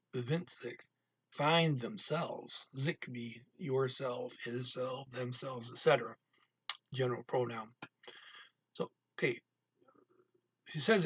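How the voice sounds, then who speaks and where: A male language tutor teaches a casual lesson, breaking phrases down word by word and repeating example sentences, reading target-language lines louder and higher. He speaks at a measured pace with frequent pauses and a breathy edge, with no echo.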